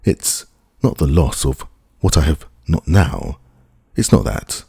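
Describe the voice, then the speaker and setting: A man's voice: extremely low pitch, big pitch swings, slow, creaky, warm tone, husky, no room sound, studio quality, full character voice. A man voicing a stiff, self-pitying grieving official with a thin voice and formal speech. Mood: humiliated.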